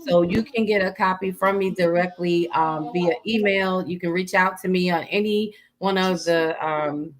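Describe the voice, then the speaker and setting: A woman author as guest in a casual interview, friendly and unhurried as she talks about her books. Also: fairly low pitch, poor audio.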